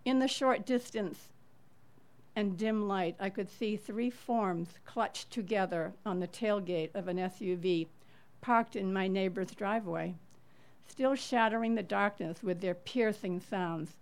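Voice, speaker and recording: A middle-aged woman with a mid-range voice reads her own true story aloud to listeners. She's measured and earnest, pressing into the tense moments.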